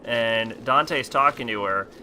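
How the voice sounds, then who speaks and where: A man's voice: medium pitch, slow, bright, forceful tone, a little hiss or hum. Rambling, easily amused male streamer. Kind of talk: casual stream chat.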